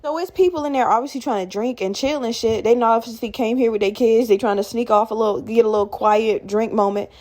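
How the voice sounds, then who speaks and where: A woman's voice: fairly high pitch, a little fast, few pauses. A young woman hosting a podcast, telling a story casually with lots of swearing and acting out other people in raised voices. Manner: animated, profane, acts out quoted people in raised voices. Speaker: podcast host.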